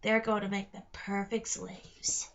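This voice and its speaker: A woman voicing a tall, gangly male goblin slaver with a high-pitched, raspy voice in a storybook reading. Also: flat delivery, measured pace, a bit bright, lo-fi sound. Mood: bossy.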